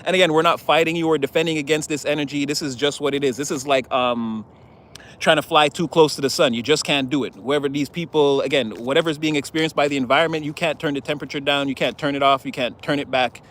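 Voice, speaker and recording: A man's voice: fairly high pitch, steady tone, fast talker, fairly bright tone. A man giving a casual tarot reading in a chatty, rambling way, laughing often. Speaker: tarot reader.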